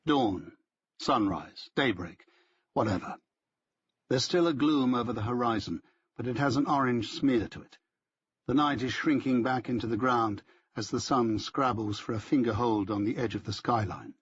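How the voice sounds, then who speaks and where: A man's voice: medium pitch, slightly rough, dull audio. A man narrating a novel in the first person, dry and understated, giving the other characters small voices of their own. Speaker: audiobook narrator.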